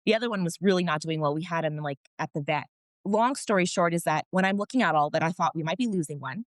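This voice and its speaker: In a dry, studio-quality recording, a woman with a lowish voice talks at a quick pace. As a podcast guest and wellness practitioner, she shares family stories emotionally and frankly during a casual interview, with the odd mild curse.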